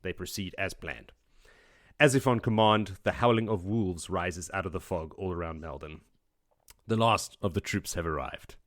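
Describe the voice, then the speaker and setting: A man's voice: low voice, moderate pace, fairly bright tone, no echo, studio quality. A man hosting a podcast, recapping a book chapter by chapter in a casual, joking way with frequent laughs. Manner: joking, chatty, laughs often. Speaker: podcast host.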